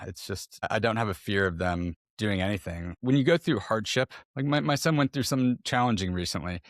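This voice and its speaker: Low-voiced middle-aged man, candid and loose. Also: fairly bright tone, no echo, studio quality. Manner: candid, loose, lots of fillers and slang. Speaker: podcast guest, entrepreneur. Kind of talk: casual conversation.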